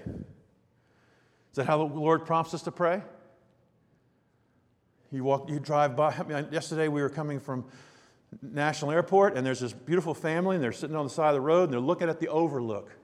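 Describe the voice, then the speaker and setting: A middle-aged male pastor preaches with a high voice. His delivery swings from hushed, quiet stretches to loud, emphatic peaks. Long reverb trails each phrase through the church hall. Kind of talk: sermon.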